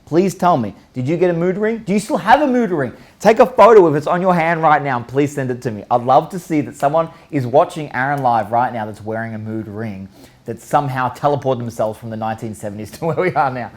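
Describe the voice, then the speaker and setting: A man hosting a live online show, counting down a list in an energetic, joking way, firing rhetorical questions at viewers and now and then swearing. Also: mid-range voice, fast. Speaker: show host.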